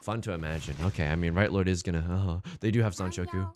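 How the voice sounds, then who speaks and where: A man hosting a let's play, commenting casually on his game in an excitable, jokey way, thinking aloud. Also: low voice, fast talker, crowd noise.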